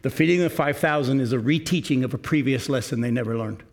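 A man's voice: medium pitch, fast talker, gravelly. A male pastor preaching a sermon in a conversational way, asking his listeners questions.

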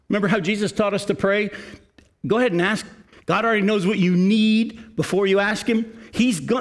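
An older man preaching a sermon, reading scripture slowly and emphatically and then talking to the congregation in an earnest, conversational way. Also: high voice. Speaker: pastor.

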